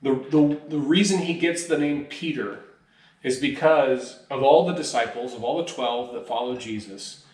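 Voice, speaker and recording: A man's voice: medium pitch, normal speed, a little mellow. A man preaching a conversational sermon, telling a story in a casual, everyday way. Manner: casual storytelling, voices quoted lines animatedly. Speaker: pastor. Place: church. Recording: roomy, picked up from a distance.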